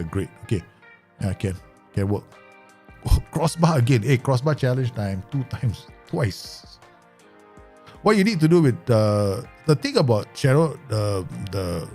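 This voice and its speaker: A man's voice: lowish voice, a little mellow. A man giving casual live commentary as he plays a football management game, rambling, swearing and laughing often. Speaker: game streamer.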